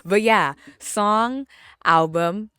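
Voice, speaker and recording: A woman's voice: mid-range voice, drawn-out words, a bit bright, clear, resonant tone, no room sound, clean studio sound. A young woman hosting a casual solo podcast, bubbly and chatty, laughing often and repeating words for emphasis. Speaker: podcast host.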